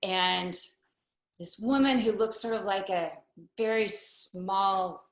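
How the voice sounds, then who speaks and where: A woman tells a personal story on stage, taking her time over each phrase. Her humor is dry, and she delivers her asides deadpan. Her voice carries a roomy echo from the hall. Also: mid-range voice, takes it slowly.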